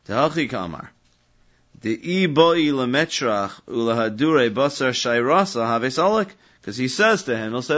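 Animated man thinking aloud over Talmud. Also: mid-range voice, fast talker. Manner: animated, questioning, thinks aloud with many restarts. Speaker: Talmud study teacher. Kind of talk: Talmud study discussion. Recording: slightly dull lo-fi recording.

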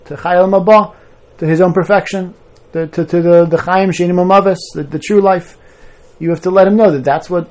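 A man's voice: on the high side, darkish tone. A man teaching a conversational Torah class to a small group of students, explaining patiently and often checking in with "right?" and "you know?".

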